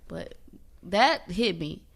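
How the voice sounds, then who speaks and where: A woman's voice: on the low side, animated, slow pace, gravelly. A mother in a casual conversation, telling candid, emotional stories about her young son.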